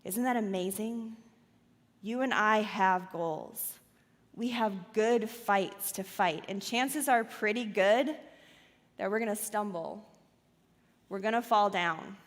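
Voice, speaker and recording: A woman pastor preaching a sermon in a church auditorium, telling a story dramatically with loud and hushed swings. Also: mid-range voice, takes it slowly, big-room sound.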